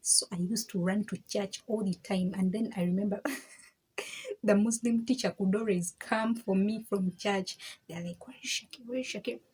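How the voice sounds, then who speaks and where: A woman's voice: medium pitch, moderate pace, slightly rough. A young woman, telling her story in a casual personal video, laughing and acting out other people's words. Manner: animated, laughing, acts out quoted voices. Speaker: vlogger.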